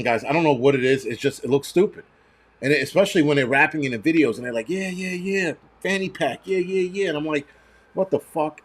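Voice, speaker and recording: A man, ranting and swearing loosely on a casual livestream. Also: mid-range voice. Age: 40s. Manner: profane, ranting, mocking. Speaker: livestream host.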